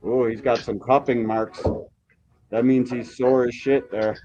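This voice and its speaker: A man's voice: medium pitch, flat delivery, measured pace, dark tone, faint music behind. A man in the middle of his range rants heatedly into the mic as a boxing podcast host. His talk is casual and loaded with swearing, and it shifts between jokes and angry complaints. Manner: profane, heated ranting. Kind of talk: casual live-stream commentary.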